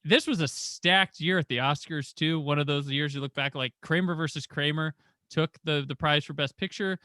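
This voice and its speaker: A man's voice: on the high side, normal speed, no room sound, studio quality. A man in his forties hosting a podcast, chatting casually about a film and acting out the voices of people in his stories. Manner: animated storyteller, acts out quoted voices. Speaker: podcast host. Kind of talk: casual movie discussion.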